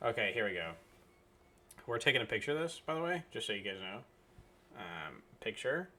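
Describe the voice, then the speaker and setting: A man's voice: lowish voice, big pitch swings, fairly quick, bright, forceful tone. A man casually commentating a card game he is playing, thinking aloud and reading the game text as he goes. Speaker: gaming channel host. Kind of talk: casual let's-play commentary.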